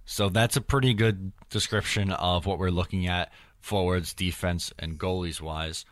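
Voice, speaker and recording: A man's voice: sits low, fairly even intonation, normal speed, no room sound, studio quality. A man hosting a hockey podcast in casual chat, steering the talk and citing stats.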